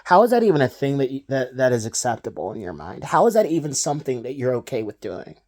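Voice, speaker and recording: A man's voice: medium pitch, very animated, quick pace, a little mellow. Scornful ranting commentary man. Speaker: commentary host. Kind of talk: reaction commentary.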